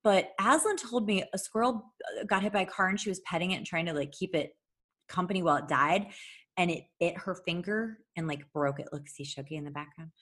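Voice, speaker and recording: A woman telling a long story in casual chat, animated, swearing freely and laughing often. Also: lowish voice, a little fast.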